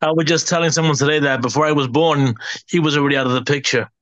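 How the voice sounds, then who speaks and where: A man's voice: fairly high pitch, fairly even intonation, quick pace, a bit bright. A man taking part in a reading answers in short, agreeable replies. His audio sounds a little dull and lo-fi, with no room echo. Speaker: sitter receiving a reading.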